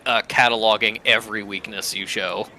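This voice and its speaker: A man narrating as game master in a tabletop game, speaking haltingly and filling pauses with fillers. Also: on the low side, fairly even intonation, pushed and bright.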